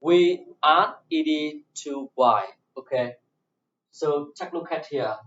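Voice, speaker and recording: A man with a Vietnamese accent, a native Vietnamese speaker teaching an English class, going very slowly and saying each word several times over. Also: fairly high pitch, fairly bright tone. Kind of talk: slow classroom explanation. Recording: echoey room, dull lo-fi sound.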